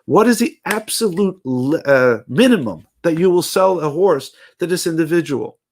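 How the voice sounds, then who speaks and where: A man's voice: a little high, expressive, moderate pace, voice pushed up. A man telling it as a humble, earnest poor teacher.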